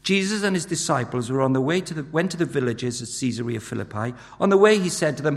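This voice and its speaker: A man preaching a sermon with urgent emphasis, swinging from hushed lows to loud, pressing peaks. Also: animated, fast, gravelly. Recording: long hall reverb.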